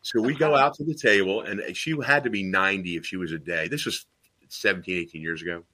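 A middle-aged man from Tennessee telling rambling, animated anecdotes in casual chat, with many fillers and restarts. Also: sits low, fast, a little hiss or hum.

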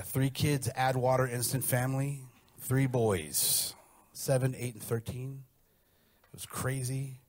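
A middle-aged man doing a stand-up set with brash, profane, animated storytelling. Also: medium pitch. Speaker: stand-up comedian.

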